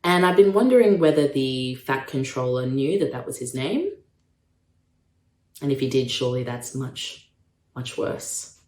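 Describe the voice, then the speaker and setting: A young Australian woman doing a stand-up comedy set, self-mocking with deadpan asides. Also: a bass voice, a little slow, long pauses, reverberant, slight background noise. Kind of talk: stand-up comedy set, live-streamed from home.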